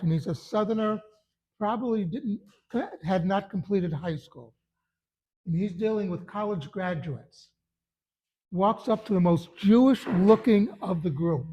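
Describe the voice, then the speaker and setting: A man's voice: sits high, highs cut off. A man who is a religious teacher, giving a short Torah talk in an earnest, emphatic storytelling manner.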